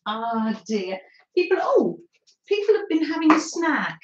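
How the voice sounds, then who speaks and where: A woman's voice: sits high, big pitch swings, unhurried. A woman with a North London accent chatting casually with her live-stream viewers, giggling often and reading out their comments. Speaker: craft live-stream host. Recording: echoey room, slightly dull sound.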